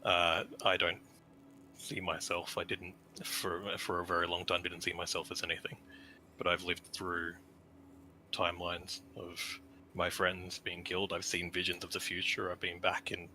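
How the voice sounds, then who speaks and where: A male player giving earnest in-character speeches at a tabletop game, in a very deep, flat voice. The tone is very bright and sharp, with faint noise behind him. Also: normal speed.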